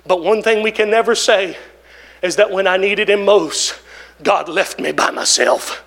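A man preaching a sermon in church, building to shouts and drawn-out, emphatic phrases broken by "oh" and "hallelujah". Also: high-pitched, gravelly. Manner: drawn-out emphatic delivery with interjected "oh" and "woo, hallelujah". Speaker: pastor.

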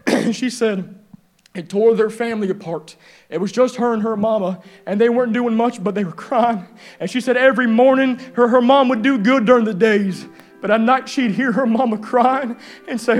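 High-pitched fervent preacher. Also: male voice, brisk. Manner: fervent, shouting with rising intensity. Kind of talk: sermon. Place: church. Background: faint piano music.

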